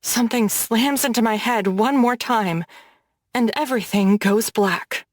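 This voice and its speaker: A woman narrating a first-person audiobook in an expressive, intimate storytelling manner. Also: on the high side, unhurried, no room sound, clean studio sound.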